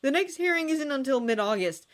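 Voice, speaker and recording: A woman's voice: high-pitched, animated, a little fast, pitched above the performer's own voice. A woman voicing an anxious young man who desperately begs someone to eat. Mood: pleading. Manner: desperate, begging.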